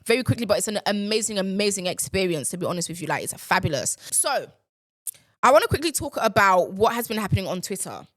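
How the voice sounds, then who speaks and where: A young woman hosting a casual solo podcast chat, sarcastic and animated, jumping from loud outbursts to low mutters. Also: a little fast, no echo, clean studio sound. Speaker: podcast host.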